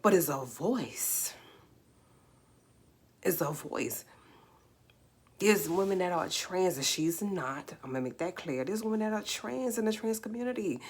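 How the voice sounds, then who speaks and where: A woman with a New York accent and a slightly raspy voice, hosting a live stream and talking emphatically, firing off rhetorical questions. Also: on the low side, expressive, unhurried, pauses often. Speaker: livestream host. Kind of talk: casual live commentary.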